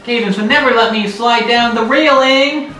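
A woman voicing a flustered male pony prince, stammering and excitable in a toy skit. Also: on the high side, normal speed, close to an everyday voice. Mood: playful. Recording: roomy echo, faint music.

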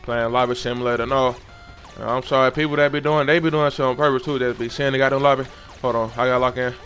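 A young man giving loose, profane, excitable commentary while playing a game. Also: mid-range voice, fast, soft background music. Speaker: gamer. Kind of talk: casual gameplay commentary.

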